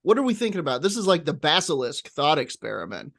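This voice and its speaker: A man's voice: on the high side, very animated, fast talker, vocal fry, fairly bright tone, no room sound. A man with a slightly raised voice banters on a comedy podcast, tossing off jokes and silly riffs. The recording is dry and close, with no room sound. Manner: jokey, riffing, playful voices. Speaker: podcast co-host. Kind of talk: casual comedy chat.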